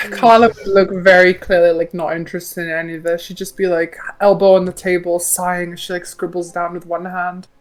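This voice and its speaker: A woman's voice: on the low side, flat delivery, brisk. A woman playing a tabletop role-playing game, casually narrating her character's actions. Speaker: player.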